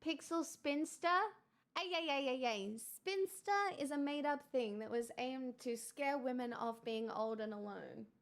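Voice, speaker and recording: A woman with a high-sitting voice hosts a casual livestream, speaking a little slowly as she chats with viewers. She thanks them in an exclamatory, wry way.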